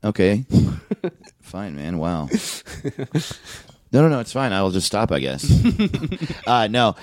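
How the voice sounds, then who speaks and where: A man with a low voice that rises and falls a lot, telling a story in a relaxed chat. He laughs easily. The sound is close and dry. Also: takes it slowly, no room sound. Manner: laid-back storytelling, laughs often. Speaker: podcast co-host. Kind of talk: casual chat.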